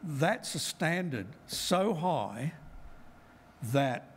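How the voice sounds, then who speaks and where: A middle-aged man gives a Bible talk in a slow, deliberate way, pressing hard on key words. His voice sits a little high for a man. A faint hum of room noise runs under him. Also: lively intonation. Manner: measured, emphatic, reflective. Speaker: lay preacher.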